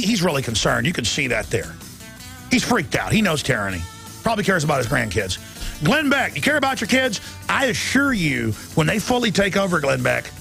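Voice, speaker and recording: Gravelly, ranting talk radio man. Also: mid-range voice, bright, forceful tone. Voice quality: gravelly, raspy. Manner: combative, bellowing, mocking. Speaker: radio talk show host.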